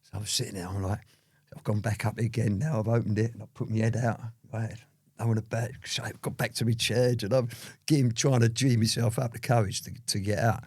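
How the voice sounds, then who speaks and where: Man, raspy storyteller, keeps saying "you know what I mean", dry recording. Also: fairly low pitch, fairly even intonation, fairly quick, darkish tone, dry recording. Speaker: father telling his life story to his daughter. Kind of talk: casual storytelling interview.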